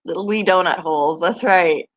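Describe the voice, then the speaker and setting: Tiny baby animals get plenty of gushing from this pet-channel host, who chats casually and laughs often with her live viewers. Her voice sits on the low side at a moderate pace, and the recording is muffled.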